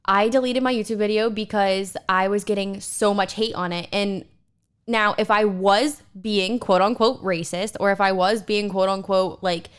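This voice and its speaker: A young woman chatting on a podcast in a smooth, clear voice. She talks casually and tells stories with plenty of fillers. Her pitch sits in an ordinary middle range. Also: moderate pace. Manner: chatty, animated storytelling with many fillers. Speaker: podcast co-host. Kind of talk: casual chat.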